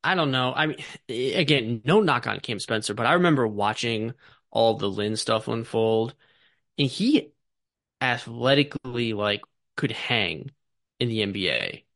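A man co-hosts a casual sports podcast, talking in long rambling runs full of fillers. He swears offhandedly as he goes. His voice sits in a middle pitch, and the sound is dry and close. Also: expressive, a little slow, fairly bright tone, no echo. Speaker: podcast co-host.

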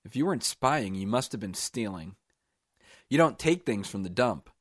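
A man voicing a simple-minded young man ruled by his mother, talking in a loud, eager, childlike way. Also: on the low side, lively intonation, moderate pace, no room sound, clean studio sound. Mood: insistent.

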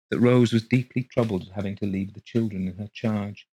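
A man narrating a ghost story in a measured, steady reading voice. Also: lowish voice, husky.

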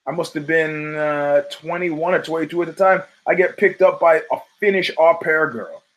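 A man's voice: fairly high pitch, fairly even intonation, moderate pace, a bit bright, low-quality recording. A middle-aged man hosting a podcast, rambling through profane stories with many restarts. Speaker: podcast host. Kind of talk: casual monologue.

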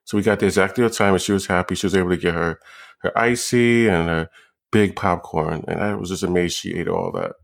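Deep gravelly young man, halting casual talk. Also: animated. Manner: halting, repeats words, lots of fillers. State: high on weed. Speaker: podcast co-host. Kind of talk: casual chat.

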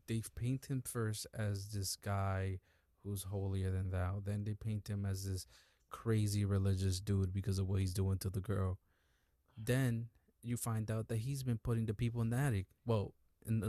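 A man in casual chat, measured and patient as he explains his point. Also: fairly low pitch, steady tone, warm tone, no echo, studio quality.

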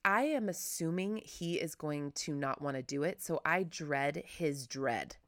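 A woman's voice: sits low, lively intonation, measured pace, fairly bright tone, no echo, studio quality. A woman hosting a casual solo podcast, chatty and rambling, self-deprecating, with lots of filler words. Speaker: podcast host.

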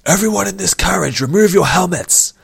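A man voicing a cruel male army general who snarls and booms with contempt. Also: a little fast, a bit bright, no room sound, clean studio sound. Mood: bellowing.

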